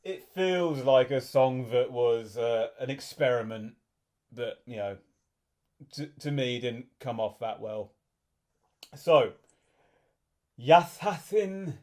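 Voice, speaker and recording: A man's voice: medium pitch, expressive, slow, pauses often, a little mellow. A man co-hosting a podcast, joking wryly and swearing in casual banter. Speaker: podcast co-host.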